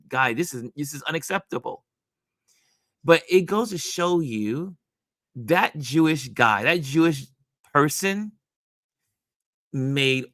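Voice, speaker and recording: A man from New York hosting a casual talk show, telling a story in an animated way with many restarts. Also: medium pitch, no echo, studio quality. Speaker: host.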